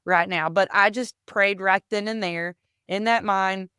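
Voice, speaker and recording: A woman's voice: medium pitch, fairly even intonation, unhurried, bright, forceful tone, smooth, no echo, clean studio sound. A woman hosting a podcast, telling a personal story in an earnest way, often repeating words and calling listeners "y'all". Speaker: podcast host.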